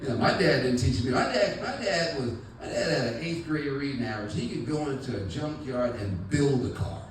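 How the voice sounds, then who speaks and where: Chatty male stand-up comic, lively voice. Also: mid-range voice, a little fast, few pauses, very echoey, far from the mic, a little hiss or hum, poor audio. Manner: rambling, chatty, many fillers. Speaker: stand-up comedian. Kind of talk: stand-up comedy set. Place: comedy club stage with audience. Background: audience laughter.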